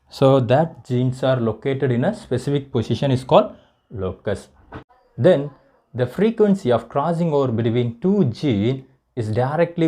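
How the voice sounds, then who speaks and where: A man with an Indian English accent, teaching a biology lesson and slowly repeating each point as if for dictation. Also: mid-range voice, dark tone. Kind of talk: classroom lecture.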